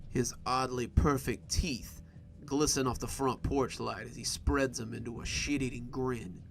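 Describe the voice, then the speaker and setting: A man reading a first-person horror story in a steady, measured narration. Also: medium pitch, gravelly.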